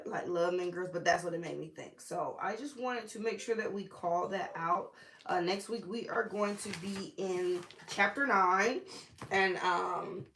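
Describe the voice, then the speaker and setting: Woman, casual Bible teaching, chatty and informal, slang and asides, lowish voice, echoey room. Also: fairly bright tone. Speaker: Bible study host.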